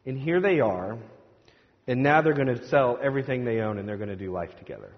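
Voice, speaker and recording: A mid-range male voice with lively intonation, slightly fast, carries a joking, conversational sermon from a church sanctuary. The pastor mimics voices from the crowd, and the sound is dull with lengthy hall reverb.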